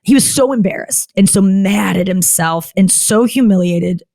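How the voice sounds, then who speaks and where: On a candid podcast, a woman comedian speaks at a moderate pace with vocal fry and a mellow tone, wandering through her stories. She keeps interrupting herself with "like" and restarting, and her voice jumps higher when she mimics other people. No room sound is audible.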